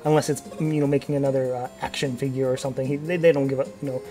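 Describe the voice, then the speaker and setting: A man's voice: mid-range voice, flat delivery, very fast, mellow, faint music behind. A young man giving casual gameplay commentary, rambling and profane, full of fillers and restarts. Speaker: let's play commentator.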